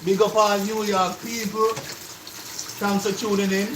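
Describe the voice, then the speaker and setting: A man's voice: sits high, level tone, slow pace, noisy background. A man with a Jamaican accent co-hosting a cooking live stream, chatting to viewers and explaining things in patois. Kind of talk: casual live-stream chat.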